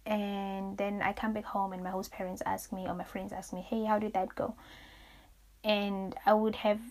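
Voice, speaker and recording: A young adult woman hosting a reflective solo podcast, rambling through her thoughts, searching for words and growing animated as she recounts stories. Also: mid-range voice, normal speed. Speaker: podcast host.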